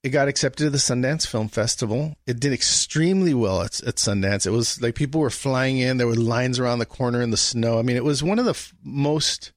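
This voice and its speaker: A man's voice: medium pitch, brisk, hardly any pauses, no echo. Man telling a story, dry close sound. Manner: animated anecdote-telling, acts out quoted dialogue. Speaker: guest. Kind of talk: casual storytelling conversation.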